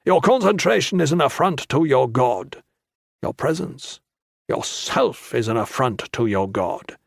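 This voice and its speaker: A male narrator voicing a stern, cryptic older monk who lectures his pupil through slow, probing questions. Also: mid-range voice, animated, creaky, breathy edge, dry recording, clean studio sound, full character voice. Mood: stern lecturing.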